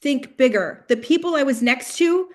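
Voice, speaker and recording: A woman leading a network marketing team call, energetic and pep-talking, dropping to a hush and then swinging loud as she acts out what people said. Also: high voice, moderate pace.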